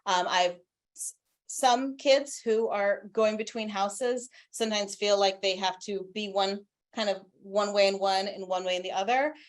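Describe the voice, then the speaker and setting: A woman's voice: medium pitch, unhurried. A woman guest expert on a video call from home, talking animatedly about parenting and sharing stories from her own family. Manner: warm, animated, with anecdotes. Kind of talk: conversational expert answers.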